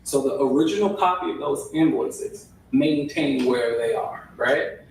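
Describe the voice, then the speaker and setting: A man's voice: mid-range voice, a little slow. Hedging man testifying in an echoey courtroom. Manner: hedging, repeats "right?" to check in. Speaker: records custodian witness. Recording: echoey room audio from far off, faint hiss.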